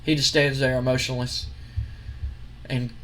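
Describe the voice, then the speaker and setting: A man's voice: mid-range voice, level tone, unhurried, a bit bright, slight background noise. A man hosting a gaming video, narrating a recap casually with some restarts.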